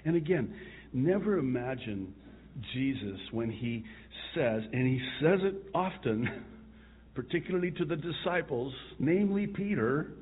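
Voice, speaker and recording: A male pastor preaching a sermon, telling the story with chuckles and soft asides. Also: medium pitch, lively intonation, unhurried, breathy edge. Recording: tinny phone-like sound.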